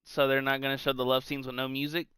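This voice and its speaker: A man's voice: medium pitch, flat delivery, fast, fairly bright tone, a little hiss or hum. A man co-hosting a casual podcast, reacting with short quips and questions. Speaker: podcast co-host.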